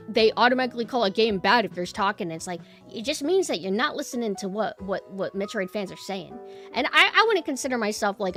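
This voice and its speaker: A woman's voice: medium pitch, a bit bright. A young woman streamer chatting casually with her viewers and ranting bluntly, swearing freely.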